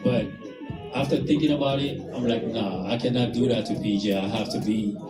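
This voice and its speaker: A man chairing a memorial event, hurrying speakers along with many fillers. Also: medium pitch. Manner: hurried, organizing, many fillers. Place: indoor event hall. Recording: echoey hall from far off with loud guitar music. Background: guitar music.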